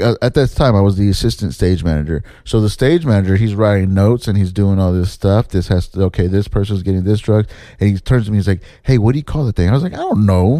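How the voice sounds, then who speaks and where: Low, mellow-voiced man telling a story. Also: normal speed, dry recording, clean studio sound. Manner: animated, swears, mimics others in pitched-up quotes. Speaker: former assistant stage manager telling a story. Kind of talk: casual storytelling.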